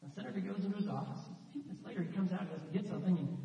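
A man's voice: high voice, racing. A man preaching a sermon as a pastor, telling stories in a conversational way and acting out the quotes. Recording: echoey hall, distant mic, dull sound.

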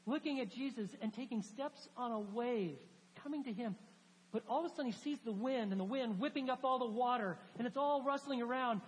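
Animated preacher in a reverberant hall. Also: mid-range voice. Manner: animated, acting out scripture and joking with the congregation. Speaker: pastor. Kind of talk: sermon. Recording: long hall reverb, faint hum.

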